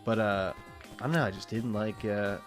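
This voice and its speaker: A man's voice: on the low side, moderate pace, over music. Rambling, swearing young man streaming a game. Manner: rambling, profane, laughs often. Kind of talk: casual gaming chat.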